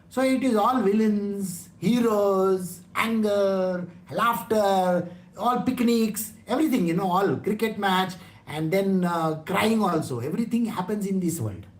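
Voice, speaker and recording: A man with an Indian English accent teaches scripture in a loose, joking way, checking in with his listeners at every turn. His voice carries the ring of a roomy space. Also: high-pitched. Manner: chatty, teasing, asks listeners questions. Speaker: spiritual teacher. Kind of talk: conversational scripture talk. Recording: roomy echo.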